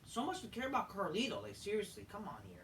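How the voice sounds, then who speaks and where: A man reviewing a wrestling show in a profane, exasperated rant, full of rhetorical questions, swinging from loud outbursts to flat mutters. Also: high voice, fast talker. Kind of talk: ranting solo show review. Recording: distant mic, faint background noise.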